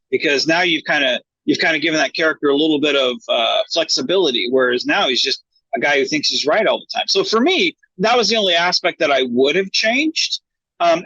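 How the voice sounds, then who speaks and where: A man co-hosting a podcast in casual chat, animated and acting out characters' lines in a raised voice. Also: fairly high pitch, slightly rough, dry recording, muffled recording. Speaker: podcast co-host.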